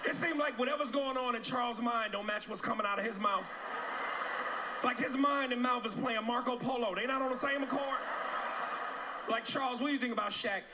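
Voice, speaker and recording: A man doing stand-up with a brash, profane and animated delivery and a voice that sits high for a man. He works a club stage. The set is caught on a loud, noisy live recording. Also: fairly quick. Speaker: stand-up comedian. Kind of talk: stand-up comedy.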